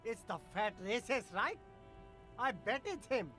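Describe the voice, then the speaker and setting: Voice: mid-range voice, expressive, unhurried, bright, forceful tone, faint music behind. A voice actor playing a defensive, boastful street vendor in a video game who keeps dodging questions with rambling denials. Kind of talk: game voice acting.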